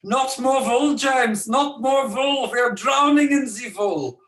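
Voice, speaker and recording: A man's voice: very high-pitched, slow, fairly bright tone, roomy sound, voice pushed up, heavily acted. A man doing a whiny little-boy voice with a German accent for an exasperated partner.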